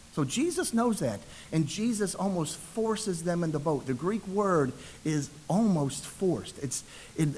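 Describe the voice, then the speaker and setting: A man's voice: fairly high pitch, darkish tone, a little hiss or hum, low-quality recording. A man preaching a sermon as a ruling elder, telling the story conversationally and acting out the voices in quotes.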